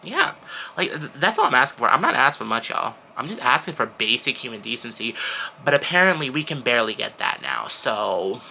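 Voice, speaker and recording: An eighteen-year-old man venting to camera in a casual vlog, animated and exasperated, with sudden leaps up in pitch. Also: brisk, vocal fry, a little hiss or hum, low-quality recording. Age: teens. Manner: animated, exasperated storytelling with big pitch jumps. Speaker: vlogger.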